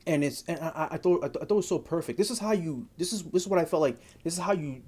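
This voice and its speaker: A man co-hosting a casual anime review podcast, animated and full of fillers and repeats. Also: on the high side, racing. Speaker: podcast co-host.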